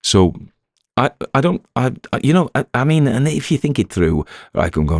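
A man's voice: medium pitch, big pitch swings, moderate pace, no room sound, studio quality. A man with a Northern English accent, a podcast narrator talking casually and self-deprecatingly to his listeners, with many fillers and restarts. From Northern England. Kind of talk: rambling casual talk to listeners.

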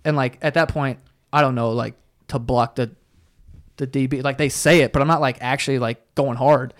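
A young man telling animated, profane stories in a casual chat, full of "yo" and "like.". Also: medium pitch, normal speed.

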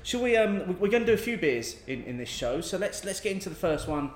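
A man's voice: high-pitched, big pitch swings, fast. A man hosting a casual podcast in a pub, upbeat and leading the conversation. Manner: upbeat, leads the talk. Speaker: podcast host. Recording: roomy pub with faint noise.

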